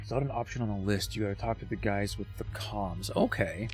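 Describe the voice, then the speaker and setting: A man's voice: lowish voice, a little fast, faint music behind. A man casually commentating his game on a livestream, chatty and thinking aloud. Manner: chatty, thinking aloud, many restarts and fillers. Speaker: streamer.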